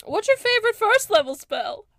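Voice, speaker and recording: Excitable male elf priest, high and loud, put on by a woman game master. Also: normal speed, heavily acted. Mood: eager. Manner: eager, excitable. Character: eager, earnest male elf cleric.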